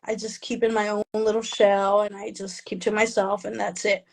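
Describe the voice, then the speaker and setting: Her voice is mid-range, level and gravelly, moving at a moderate pace over a rough recording. An author of Mexican descent who grew up in the US, she's being interviewed and talks casually, joking at her own expense, laughing frequently and weaving Spanish phrases into English.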